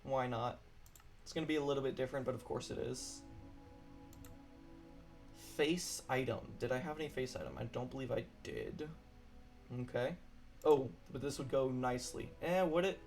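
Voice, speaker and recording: A man's voice: mid-range voice, expressive, moderate pace, long pauses, darkish tone, faint music behind. A man chatting casually while streaming a game alone at his computer, apologetic and rambling.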